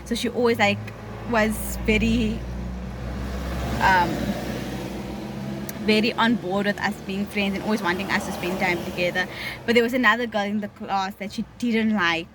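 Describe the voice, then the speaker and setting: A woman's voice: medium pitch, fairly even intonation, moderate pace, long pauses, background noise. A young woman tells a personal story in a candid, conversational way. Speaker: vlogger.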